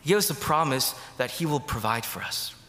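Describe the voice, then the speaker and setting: A man's voice: medium pitch, lively intonation, fairly quick, pushed and bright, reverberant, big-room sound, slight background noise. A man giving a casual homily, rambling with many fillers and restarts, in a church. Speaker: preacher.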